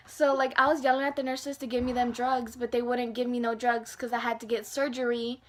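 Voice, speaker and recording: A young woman tells a story straight to her camera, her voice sitting high for a woman. She talks casually with a constant stream of fillers and acts out what everyone said. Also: moderate pace, few pauses. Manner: animated, lots of fillers, acts out dialogue. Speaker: vlogger.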